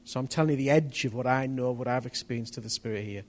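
A man preaching a testimony sermon, telling his story in an animated way that rises to near-shouts at the tense moments. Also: mid-range voice, quick pace.

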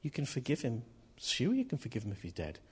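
Man, preacher, sermon, husky voice, casual joking delivery. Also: medium pitch, wildly swooping pitch, fairly quick. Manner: chatty, jokey, laughs at himself mid-story.

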